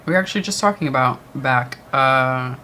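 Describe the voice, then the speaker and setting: Animated and a little fast, this man's medium-pitched voice comes across bright and forceful, with a bit of hiss or hum. As co-host of a livestream watch party, he chats casually and takes on viewer comments from the live chat.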